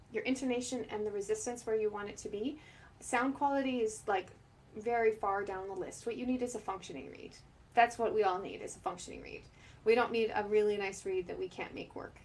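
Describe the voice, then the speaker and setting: A middle-aged woman with a slightly higher voice teaches oboe in a relaxed, chatty way. She talks to camera, corrects herself mid-sentence and laughs often as she explains. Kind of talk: instructional talk to camera.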